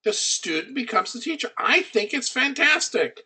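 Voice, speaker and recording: A man's voice: extremely high pitch, sing-song, moderate pace, bright, forceful tone, husky. A middle-aged man coaching an audience on building an online business. He teaches through personal stories and speaks in a conversational, anecdotal way, hitting his key points with emphasis.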